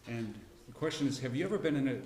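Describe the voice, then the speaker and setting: A middle-aged man teaching a casual Bible class, folksy and rambling, with frequent restarts and throat clearing. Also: medium pitch, lively intonation, fast, darkish tone, reverberant, slight background noise. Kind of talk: casual Bible lesson with personal story. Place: church classroom.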